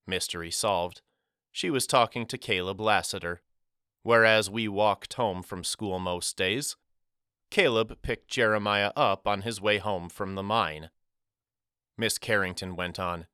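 A man narrating an audiobook in a measured first-person telling. His voice sits low but bright and crisp, with a close, dry sound. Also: no room sound. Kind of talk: scripted narration.

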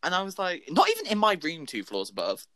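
A man's voice: high-pitched, wildly swooping pitch, fast talker, bright, forceful tone, no echo. A young man co-hosting a podcast, telling a dramatic, sweary story in a casual chat. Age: young adult. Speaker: podcast co-host.

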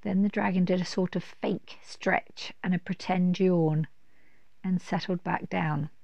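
Woman narrator, storybook read-aloud, lowish gravelly voice, dull dry recording. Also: no room sound. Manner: steady, unhurried storytelling with small slips.

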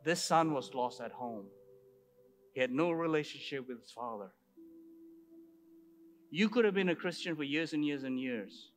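A man's voice: a little high, a little hiss or hum. A man preaching a sermon, retelling a story with emphatic rhetorical asides to his congregation.

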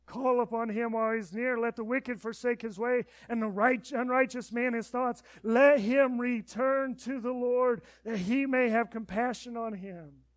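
A man preaching a sermon as pastor, swinging between loud urgent appeals and quiet pleading, then leading a prayer. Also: very high voice, fairly even intonation, normal speed, few pauses, no room sound.

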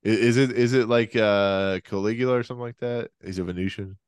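A man's voice: on the low side, fairly even intonation, fairly quick, clean tone, no echo, studio quality. A man co-hosting a podcast in casual chat, rambling and restarting his sentences. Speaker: podcast co-host.

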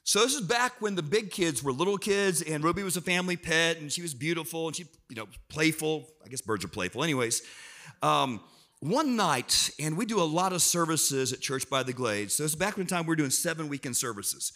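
A middle-aged man preaching a sermon, telling personal stories in a lively way and acting out his family. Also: fairly high pitch, a little fast. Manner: animated storyteller, acts out family members in raised voice. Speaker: pastor.

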